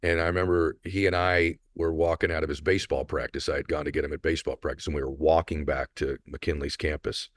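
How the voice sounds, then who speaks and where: A man's voice: extremely low pitch, fairly even intonation, fast talker, few pauses, a little hiss or hum. A middle-aged man hosting a solo podcast, telling a personal story in a heartfelt, motivational way, audibly emotional. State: emotional, choked up. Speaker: podcast host.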